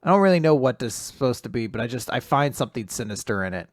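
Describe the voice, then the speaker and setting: A man in casual podcast chat who recaps comic chapters with enthusiasm, dipping in and out of the characters' lines. His voice sits at an ordinary middle pitch. The sound is dry and close. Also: fast talker, no echo. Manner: animated retelling, acting out character lines, frequent laughs. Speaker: podcast co-host recapping manga.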